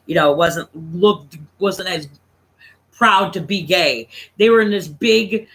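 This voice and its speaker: A man's voice: high voice, slow, bright, forceful tone, low-quality recording. A man in his thirties, telling a casual, profane family story to his stream audience. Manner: profane, laughing anecdote-teller.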